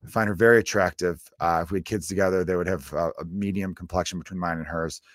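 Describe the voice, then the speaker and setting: A man's voice: low voice, steady tone, fast. An American man hosting his podcast, talking in a rambling, self-deprecating comedic monologue with plenty of swearing. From United States. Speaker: podcast host.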